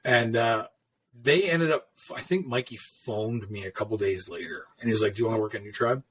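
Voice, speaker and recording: A fairly low, slightly fast male voice, a bit bright, with a little hiss or hum on the recording. The speaker, a middle-aged tattoo artist, relaxes into casual shop stories, swearing as he goes and acting out people's quoted lines.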